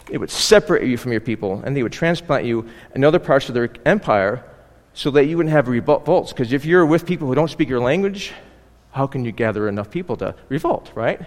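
A man's voice: mid-range voice, lively intonation, a little fast, long reverb tail. A man preaching a sermon on a scripture passage, in a conversational way with frequent asides and tag questions. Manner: conversational, with frequent asides and "you know, right?". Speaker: pastor. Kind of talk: expository sermon.

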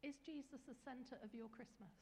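A woman's voice: on the high side, fast talker, gravelly, darkish tone, long reverb tail, a little hiss or hum. A woman preacher giving an earnest, encouraging sermon with small fillers.

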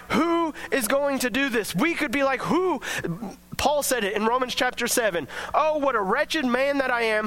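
A man preaching a sermon to a church congregation, emphatic and energetic. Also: extremely high pitch. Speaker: pastor.

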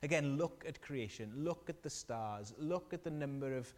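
A man delivers a sermon in a church hall. He tells the story with animation and keeps asking his listeners questions. His voice sits at a middle pitch and rings out with a long reverb. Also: expressive, moderate pace, darkish tone. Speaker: preacher.

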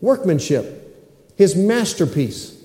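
Echoey, warm-voiced man preaching a sermon. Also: high-pitched, very animated, slow. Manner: emphatic, repetitive, asks the congregation for responses. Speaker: pastor. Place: church sanctuary. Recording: echoey hall reverb.

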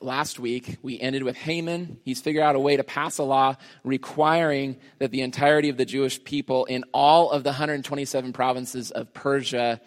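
A male pastor delivers a Bible sermon in a relaxed, conversational way, often pausing on fillers and restarting his sentences. His voice sits at an ordinary middle pitch, and the recording carries the long reverb of a church hall.

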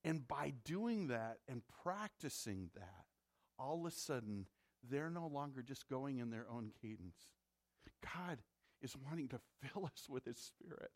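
A man's voice: mid-range voice, expressive, measured pace. A man from the Midwest preaching a sermon as a pastor, in a conversational way that repeats words when he presses a point.

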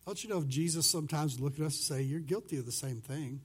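A pastor preaching a conversational sermon who swings between loud and soft passages and acts out the voices he quotes. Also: a little high, quick pace, breathy edge.

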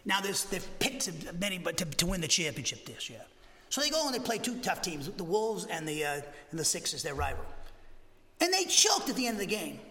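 A man in his sixties from Massachusetts with a Boston accent, teaching a Bible lesson as a pastor in a conversational, animated way, full of restarts and asides. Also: high-pitched, brisk, in a large hall. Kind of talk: expository sermon lesson. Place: church sanctuary.

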